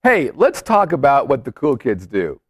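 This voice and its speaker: A man co-hosting a relaxed chat, joking and playful, his pitch swinging widely. The sound is close and dry. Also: normal speed, no room sound. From Las Vegas. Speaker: podcast co-host. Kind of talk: casual chat.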